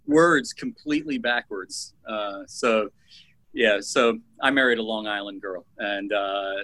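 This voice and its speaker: A man, a teacher and former TV news editor, talking reflectively as a guest in a casual interview, with frequent pauses and restarts. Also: mid-range voice, a bit bright, dry recording, rough recording. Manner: reflective, many fillers and restarts.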